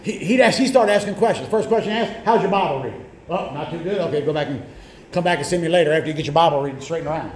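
High-voiced preacher in an echoey church. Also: male voice, very fast, a little hiss or hum. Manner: storytelling preacher, repeats words, builds to shouts. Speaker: pastor. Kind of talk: sermon. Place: church sanctuary.

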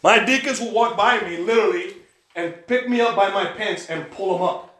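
A man preaching a sermon, telling a personal story with animated delivery and acting out the other people's lines. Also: high voice, moderate pace, roomy sound. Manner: animated storytelling, acts out quoted voices. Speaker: pastor. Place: church.

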